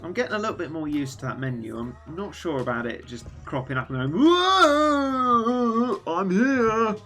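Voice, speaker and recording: Chatty streamer with lively pitch. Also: quick pace, soft background music. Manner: chatty, rambling, reads chat aloud. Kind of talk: casual live-stream chat while gaming.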